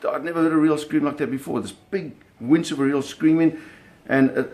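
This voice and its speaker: A man telling a personal story in an animated, vivid way, often restarting his phrases. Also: fairly high pitch, a little fast.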